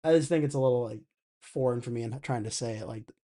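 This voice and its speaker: A young man hosts a casual live stream and talks easily at an ordinary middle pitch. His tone is mellow and warm, and he thinks out loud while reading viewers' comments between updates. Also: fast talker. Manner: chatty, thinks aloud, reads chat comments. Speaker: election night live stream host.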